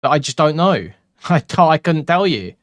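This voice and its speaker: A man's voice: fairly high pitch, very animated, normal speed, a bit bright, no room sound. A man doing casual commentary, reading messages aloud and reacting with bemused, profane asides. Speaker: commentary youtuber.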